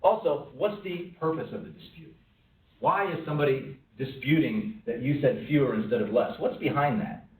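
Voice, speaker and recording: A man's voice: mid-range voice, expressive, normal speed. A man giving a conversational talk to a workplace audience, asking a lot of questions and sometimes acting out quoted voices. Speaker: speaker at a lunch-and-learn talk. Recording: roomy, from a distance, faint room noise.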